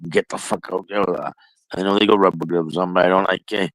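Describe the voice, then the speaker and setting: A man's voice: low-pitched, fairly even intonation, fast talker, fairly bright tone, no room sound, low-quality recording. A man telling a rambling, profane story in casual chat.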